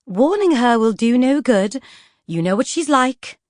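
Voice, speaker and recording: A woman voicing a gentle, ladylike encyclopedia of flowers with a sweet, placid way of talking. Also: on the high side, lively intonation, unhurried, no room sound, clean studio sound, voice pushed up. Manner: placid, soothing.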